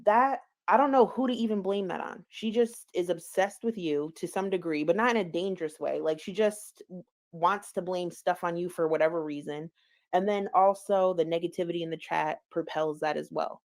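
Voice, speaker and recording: A woman's voice: fairly low pitch, fairly quick, darkish tone. A woman giving casual, gossipy commentary on online drama. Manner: chatty, gossipy, laughs at own stumbles. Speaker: commentary streamer.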